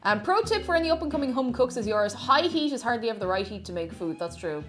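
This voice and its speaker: A woman's voice: on the high side, sing-song, quick pace. A woman streaming herself cooking, chatting casually, reading viewer messages aloud and reacting, often stammering and restarting. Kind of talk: casual chat while cooking live. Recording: music playing in the background.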